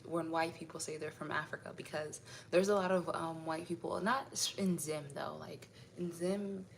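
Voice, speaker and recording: A woman with a low, gravelly voice chats casually with viewers on a live stream. She was raised in the United States and answers their comments one by one, laughing often. A faint hiss sits under her voice. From United States (raised in Indianapolis).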